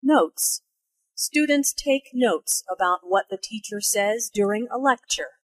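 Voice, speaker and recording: A woman explaining English phrases and their intonation in a slow, careful teaching voice. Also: no room sound. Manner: slow, careful, with lively pitch for spoken examples. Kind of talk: slow, clearly articulated teaching narration and dialogue.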